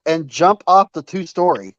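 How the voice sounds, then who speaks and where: A man's voice: on the high side, animated, a bit bright, no echo. A man chatting casually with friends, laid-back and swearing. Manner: slow, laid-back, profane. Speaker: friend in the chat. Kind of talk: casual chat. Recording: dull lo-fi dry sound.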